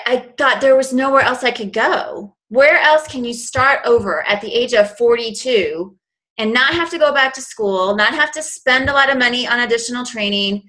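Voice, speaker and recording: A woman's voice: on the high side, sharp tone, poor audio. A woman in her forties giving a motivational business coaching talk, earnest and conversational with lots of "you know". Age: 40s.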